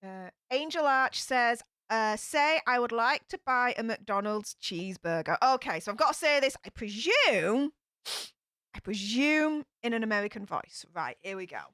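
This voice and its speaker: Lively, chatty Yorkshire woman. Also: on the high side, normal speed, clear, resonant tone, no room sound, clean studio sound. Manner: chatty, upbeat, thinks aloud. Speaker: livestream host. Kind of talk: casual live chat reading viewer comments.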